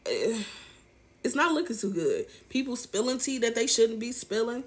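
A woman's voice: on the high side, very animated, moderate pace. A woman hosting a celebrity gossip show, chatting casually and sassily straight to her viewers. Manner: sassy, chatty, speaks straight to viewers with slang. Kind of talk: casual commentary.

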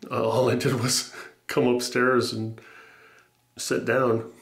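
A man's voice: medium pitch, flat delivery, roomy sound. Wry rambling man, slightly breathless. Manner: musing, wry, halting with fillers. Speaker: vlogger. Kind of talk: rambling casual vlog. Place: room upstairs at home. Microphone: camera mic.

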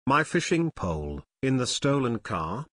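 A man's voice: medium pitch, very animated, measured pace, no echo, clean studio sound. A man voicing an upset young man from a farm who denies a theft. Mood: disbelieving. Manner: tense and upset.

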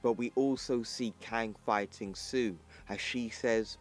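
A man hosting his channel, narrating a comic book story in plain, even storytelling and reading the characters' lines in his own voice. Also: mid-range voice, slow pace, few pauses, soft background music. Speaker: channel host.

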